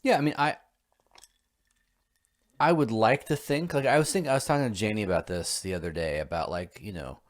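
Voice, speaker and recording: A man's voice: lowish voice, fairly quick, pauses often. Man, podcast co-host, casual chat, rambling, restarts often, reflective. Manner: rambling, self-reflective, many fillers and restarts.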